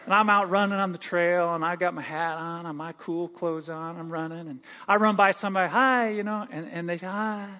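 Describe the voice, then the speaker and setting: Pastor, male, high voice, animated and humorous sermon delivery. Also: fairly quick, hardly any pauses. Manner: animated, joking, lively storytelling with acted-out quotes. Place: church sanctuary.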